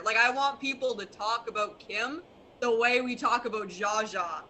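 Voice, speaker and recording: A woman's voice: fairly high pitch, normal speed, pushed and bright, slight background noise, low-quality recording. A woman guest on a talk show, chatting casually with wry, joking asides. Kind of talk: casual chat.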